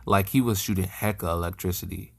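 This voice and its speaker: A man's voice: low voice, steady tone, a little fast, vocal fry, fairly bright tone. A young man casually retelling a fan story, rambling with many fillers and self-corrections.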